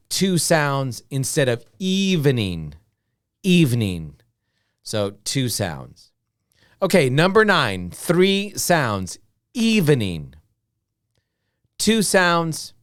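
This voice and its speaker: An American man teaching beginner English, saying each word slowly and clearly, then repeating it. His pitch moves a lot as he models the words. The sound is smooth and dry, recorded close up. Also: no echo. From United States. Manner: drills words slowly, repeating each one with many "okay"s. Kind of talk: slow, repetitive beginner English lesson.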